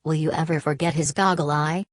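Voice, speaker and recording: A woman's voice: deep voice, steady tone, brisk, no echo, studio quality. A woman reading a giggly, squeamish young barmaid who shrieks and protests.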